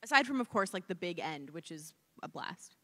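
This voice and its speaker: A woman in her forties, an actress on a convention panel, speaking softly and reflectively about favorite scenes. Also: fairly low pitch, very animated, moderate pace. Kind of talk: casual panel chat.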